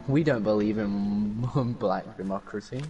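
A man's voice: fairly low pitch, unhurried, warm tone, dull audio, slight background noise. A man cracking crude, sweary jokes in casual banter while gaming. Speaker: gamer.

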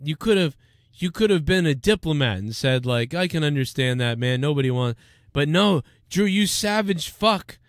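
A man with a fairly high voice hosts a live stream, cursing and heated. The sound is close and dry, with almost no room behind it. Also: lively intonation, moderate pace, dry recording. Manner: swearing, heated, mocking. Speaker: live show host. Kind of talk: profane live-stream rant.

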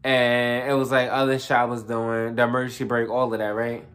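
A young adult vlogger telling a casual storytime, animated and profane, full of fillers and asides to the viewers. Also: medium pitch, brisk, over loud music.

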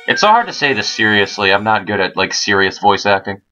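A man's voice: lowish voice, very animated, a little fast, hardly any pauses, pushed and bright. A man giving casual, crude, joking commentary on a game he is playing, mocking himself. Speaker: let's play host. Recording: dull lo-fi with faint game music.

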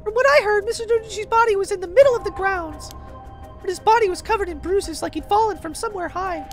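Bubbly teen schoolgirl, high and chirpy, game dialogue. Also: fast, faint music behind. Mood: eager. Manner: eager, chirpy reading.

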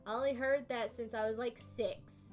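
A defensive, evasive young daughter voiced by a woman reading game lines in a high, near-natural voice. Faint music plays underneath. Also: fairly even intonation, normal speed, lightly acted. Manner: reading game dialogue aloud in a mostly natural voice.

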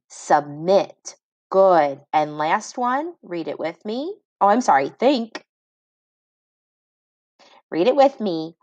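In a children's phonics lesson, a female reading teacher breaks words into slow syllables and offers praise after every attempt. She has a lowish voice; the recording is muffled, with no room sound.

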